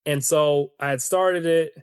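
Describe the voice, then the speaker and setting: A man hosting a solo podcast, ranting in an animated, opinionated way and talking to his listeners as "y'all". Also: fairly high pitch, measured pace, clear, resonant tone, no room sound, clean studio sound. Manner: conversational, addresses listeners as y'all. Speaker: podcast host.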